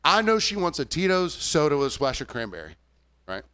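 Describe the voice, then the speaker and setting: With a fairly high, clean-toned voice and a fairly quick delivery, a bartender recounts a story on a casual podcast. His telling is lively and profane, full of impressions of customers.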